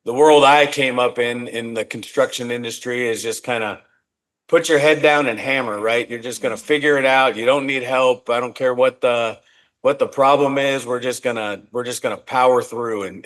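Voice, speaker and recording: A man's voice: mid-range voice, fairly even intonation, moderate pace, a bit bright. A man being interviewed on a podcast as a company executive, speaking in an earnest, reflective way and often restarting his words. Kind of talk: casual interview talk.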